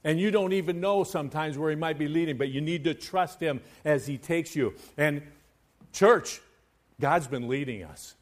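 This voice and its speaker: Man, pastor, sermon, slightly high voice, fervent, hushed-to-loud swings, sing-song scripture reading. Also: normal speed. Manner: impassioned preaching with swings between hushed and loud.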